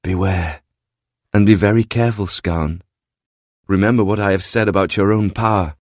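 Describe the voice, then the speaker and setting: A man voicing an ethereal goddess mother who speaks calmly in formal, admonishing sentences. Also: on the low side, normal speed, dry recording, clean studio sound, natural voice. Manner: calm, admonishing, formal speech. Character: ethereal female goddess mother, stern and wise.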